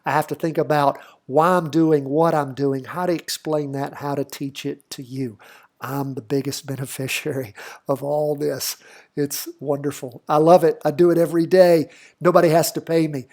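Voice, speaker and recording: Speaking at a moderate pace in a slightly high, darkish voice with little pitch movement, this middle-aged trading-channel host has a slight Southern accent. He chats folksily about the market over charts, using fillers as he thinks aloud.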